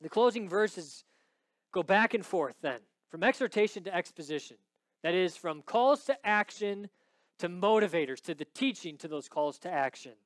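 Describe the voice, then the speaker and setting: A man preaching a sermon, swinging between hushed, intimate lines and loud, emphatic ones. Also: high-pitched, expressive, moderate pace, no room sound. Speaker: pastor.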